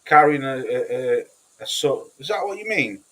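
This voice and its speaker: A man's voice: medium pitch, animated, moderate pace, fairly bright tone, rough recording. A man with a Cheshire English accent, hosting a livestream and chatting casually with viewers in a blunt, sweary, rambling way full of restarts. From Cheshire, England. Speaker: livestream host. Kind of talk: casual livestream chat reading comments.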